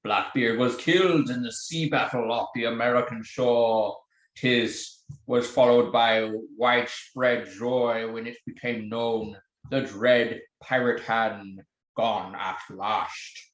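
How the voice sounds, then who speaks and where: A slow, dramatic narrator of a pirate legend, as a man puts on a deep voice, recorded in a roomy, echoing space. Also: fairly even intonation, fairly bright tone.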